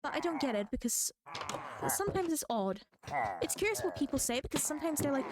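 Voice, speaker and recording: A woman's voice: high voice, lively intonation, fast talker, over a noisy crowd. A woman VTuber streaming a game, chatting casually in a rambling, think-aloud way. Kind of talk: casual chat while playing a game.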